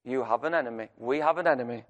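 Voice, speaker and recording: A man's voice: medium pitch, quick pace. A man preaching a sermon, emphatic and repeating his key phrases for the congregation. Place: church. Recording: long reverb church hall.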